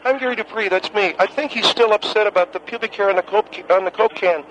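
A man voicing a compulsive male caller who keeps mechanically repeating his own name, earnest and halting. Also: sits high, a bit bright, pitched above the performer's own voice, poor audio. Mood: earnest, fixated.

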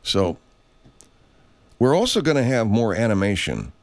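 A man's voice: on the low side, big pitch swings, a little slow, a little mellow. A middle-aged man hosting a podcast, musing in a casual, rambling monologue full of swearing and restarts. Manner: rambling, profane, many restarts. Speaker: podcast host.

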